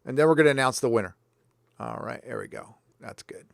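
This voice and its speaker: A man's voice: mid-range voice, lively intonation, quick pace, creaky. An American man hosting a commentary livestream, blunt and ranting, swearing freely as he reacts to clips. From United States. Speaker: livestream host. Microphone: headphones on while talking into a desk mic.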